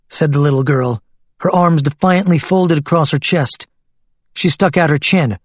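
A man narrating an audiobook novel in a steady, even storytelling manner. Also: medium pitch, normal speed, breathy edge, dry recording.

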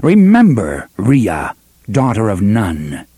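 A man voicing a terse, steady young gunslinger in an audiobook, speaking in a clipped, quiet, firm way. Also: fairly low pitch, slow pace, slightly rough, no room sound, heavily acted. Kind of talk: audiobook character voice.

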